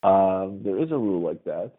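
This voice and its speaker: A man's voice: low voice, animated, normal speed, soft background music. A man teaching a religious class in a conversational lecture style, often checking with his students by asking "right?". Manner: quizzes the class with frequent "right?". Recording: tinny phone-like audio.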